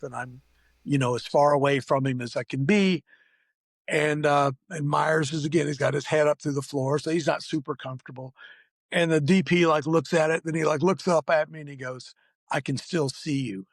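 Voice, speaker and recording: A man's voice: on the high side, creaky, dry recording. A middle-aged man and makeup effects artist, a guest on a remote call, telling rambling, profane anecdotes full of fillers. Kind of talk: casual interview storytelling.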